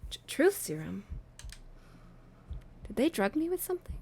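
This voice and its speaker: A woman's voice: high-pitched, sing-song, normal speed, vocal fry, warm tone, slight background noise, exaggerated voice. A woman voicing a drugged young woman held captive, groggy and then defiant and crude.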